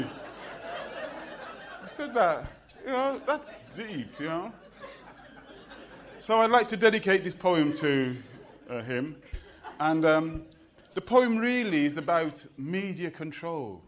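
A middle-aged man with a Birmingham Jamaican accent, telling jokes and stories and reciting poetry on stage in an animated, rhythmic way. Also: fairly high pitch, takes it slowly, pauses often. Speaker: poet and performer. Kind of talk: live storytelling and poetry performance.

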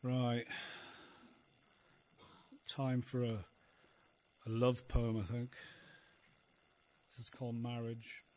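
A man's voice: mid-range voice, completely flat delivery, takes it slowly, long pauses, a little mellow. A middle-aged man with a Dublin Irish accent doing a rambling, wry stand-up set on a live stage, swearing freely. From Ireland. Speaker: stand-up comedian and poet. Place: live venue before an audience.

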